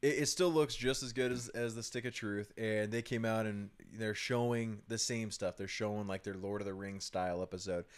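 A man's voice: fairly low pitch, fairly even intonation, moderate pace, few pauses, clean tone. A man in his thirties co-hosting a casual chat about video games, laughing often and talking loosely with many ums and restarts. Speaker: co-host of a gaming video series.

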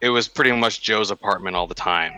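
A man co-hosting a podcast, chatting casually and telling an animated story with big exaggerations. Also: lowish voice, brisk, clean tone, no room sound, low-quality recording. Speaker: podcast co-host. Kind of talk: casual chat.

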